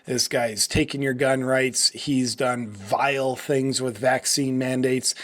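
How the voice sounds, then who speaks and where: A man's voice: medium pitch, steady tone, slow pace, a bit bright. A man in his forties hosting a political commentary video, mocking and sarcastic, switching into an ad read. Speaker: host.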